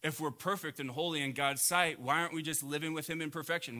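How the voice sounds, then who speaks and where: A man's voice: fast, few pauses. Impassioned man preaching a sermon. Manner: impassioned, swings between loud emphatic peaks and quiet low asides. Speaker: pastor.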